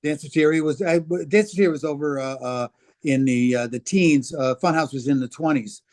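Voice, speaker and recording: A man's voice: a little high, moderate pace, a little mellow. A man in casual interview conversation, recalling names and places in a rambling way with many fillers. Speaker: interview guest, former record company worker.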